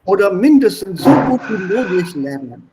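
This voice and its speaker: A middle-aged man with an Indian accent speaks in a high-pitched, sing-song voice at normal speed against a noisy background. As a language teacher holding an online class over a video call, he gives lengthy explanations, says things more than once, and spells words aloud.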